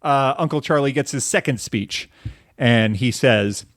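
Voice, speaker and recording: A man's voice: mid-range voice, a little slow, fairly bright tone, no room sound, clean studio sound. A man hosting a casual film podcast, talking in a rambling, profane way with lots of fillers and restarts. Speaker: podcast host.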